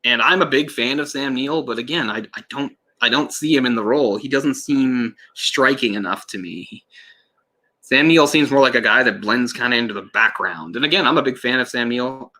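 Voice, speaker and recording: A man's voice: mid-range voice, normal speed, bright, forceful tone. A man giving a casual, rambling live commentary on a film, often restarting his sentences and sometimes swearing. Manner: rambling, self-correcting, laughs and swears in passing.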